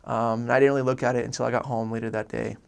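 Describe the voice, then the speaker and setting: Young guy from oregon telling his faith story, kinda rambly and earnest, gravelly voice. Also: mid-range voice, level tone, very fast. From Oregon, USA. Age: young adult. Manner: earnest, rambling, many restarts and fillers. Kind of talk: casual personal testimony.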